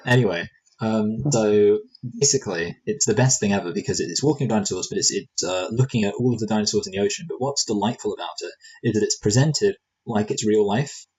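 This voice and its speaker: A man with a low, husky voice talks through a film in a relaxed podcast chat. He wanders off on tangents, cracks dry jokes and restarts his sentences often. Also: brisk, poor audio. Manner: rambling, joking, many fillers and restarts. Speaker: movie review podcast co-host. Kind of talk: casual conversational review.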